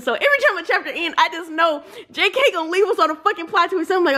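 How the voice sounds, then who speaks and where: A woman's voice: extremely high pitch, racing, hardly any pauses. A woman chatting casually in a reading reaction vlog, exclaiming and cursing as she talks to her viewers. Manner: animated, profane, exclamatory chatter addressed to viewers. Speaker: book vlogger.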